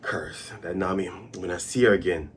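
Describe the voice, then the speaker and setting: A man voicing a gruff young male swordsman from a pirate cartoon, muttering low grumbles. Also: normal speed. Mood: grumbling.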